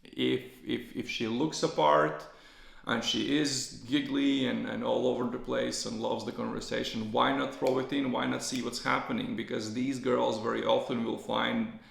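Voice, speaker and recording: A man's voice: mid-range voice, fairly even intonation, moderate pace, gravelly. A man hosting a podcast, talking casually in a rambling way with many restarts and repeated words. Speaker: podcast host. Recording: roomy echo.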